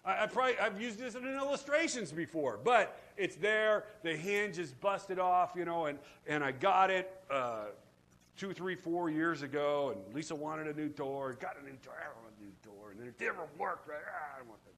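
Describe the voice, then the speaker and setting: A man preaching a sermon in a church, swinging between loud, fervent preaching and hushed asides. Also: on the high side, lively intonation, normal speed. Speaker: pastor. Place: church sanctuary.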